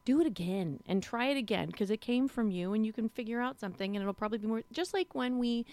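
A woman's voice: a little high, fast talker, a little mellow, no room sound. A woman co-hosting a film podcast, talking casually and rambling with plenty of fillers. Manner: chatty, rambling, lots of fillers. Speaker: podcast co-host.

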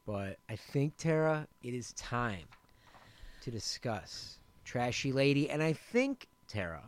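A man's voice: medium pitch, very animated, slow. A man co-hosting a podcast, chatting casually and animatedly about films, repeating words as he gets going. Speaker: podcast co-host. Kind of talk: casual film chat.

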